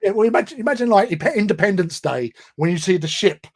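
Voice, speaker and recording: An Englishman with a somewhat high speaking voice spins a meandering anecdote. He talks casually on a livestream with lots of filler words and self-mocking laughter. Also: animated, fairly quick. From England. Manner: rambling, self-deprecating, laughs often. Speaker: livestream co-host. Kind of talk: casual storytelling chat.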